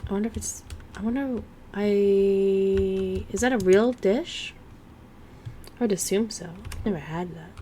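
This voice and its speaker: A woman's voice: medium pitch, unhurried, pauses often, dark tone, slight background noise. A woman casually chatting and thinking aloud while livestreaming a cozy farming game. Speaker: gaming streamer. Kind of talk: casual gameplay commentary.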